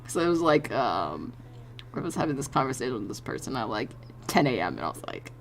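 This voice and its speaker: A woman streamer chatting casually while she draws, excitable, laughing often and swearing freely. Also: rumbling low, brisk, creaky, a little hiss or hum. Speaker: streamer and artist.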